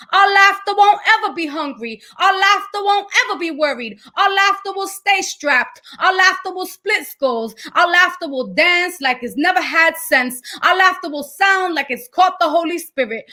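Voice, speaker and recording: A woman's voice: extremely high pitch, sharp tone. A woman performing a spoken word poem with rhythmic, building repetition. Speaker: poet.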